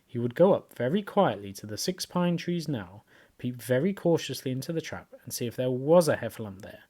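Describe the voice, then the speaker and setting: A man reading a children's storybook aloud, with expressive, lively storytelling. His voice sits at an ordinary middle pitch for a man. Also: fairly quick, slightly rough. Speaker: reader, show host.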